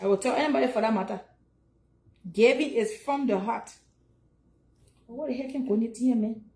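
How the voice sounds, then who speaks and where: High-voiced Liberian woman streaming. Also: normal speed, mellow. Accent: Liberian English. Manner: chatty and preachy, urging donations. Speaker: livestream host. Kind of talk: casual livestream chat.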